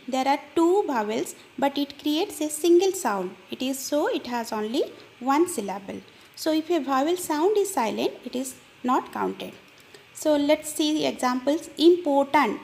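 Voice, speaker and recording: A woman's voice: high-pitched, darkish tone, a little hiss or hum. A woman teacher giving a grammar lesson to children, spelling words out letter by letter and explaining each step.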